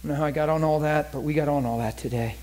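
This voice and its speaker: A man's voice: fairly high pitch, fairly even intonation, fast talker, darkish tone. A middle-aged man preaching to a church meeting, telling a story in a conversational, emphatic, folksy way. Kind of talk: sermon with storytelling.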